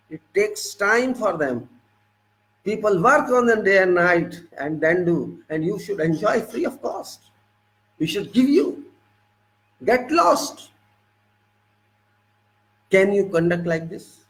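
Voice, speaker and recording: A man's voice: sits high, a bit bright, poor audio. A man with an Indian English accent, from India, giving an emphatic, repetitive monologue as a civil engineering lecturer.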